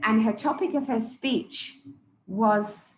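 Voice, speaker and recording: A woman coaching public speakers live, emphatic and deliberate, often repeating key words for stress. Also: a little high, reverberant, a little hiss or hum, rough recording. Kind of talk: live speech evaluation to an audience.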